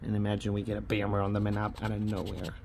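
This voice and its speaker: A man's voice: lowish voice, monotone, fast, vocal fry, darkish tone, slight background noise. A man hosting a casual vlog as he scratches lottery tickets, grumbling and often tacking "man" onto his sentences. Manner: frustrated, grumbling, repeats "man". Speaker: lottery scratch-off channel host.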